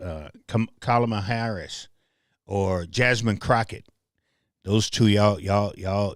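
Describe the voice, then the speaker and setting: A man's voice: on the low side, no room sound, studio quality. A middle-aged man from Memphis with a Southern accent, hosting a passionate commentary show and talking straight to his audience. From Memphis, Tennessee. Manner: passionate, repeats words, speaks to the audience directly. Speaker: host. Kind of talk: livestream commentary.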